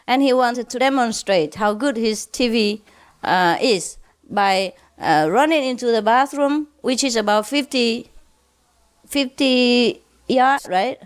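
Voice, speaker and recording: Slow, laughing woman spiritual teacher. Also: fairly high pitch. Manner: laughs often, with frequent "uh" pauses. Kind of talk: telling humorous stories to a gathering.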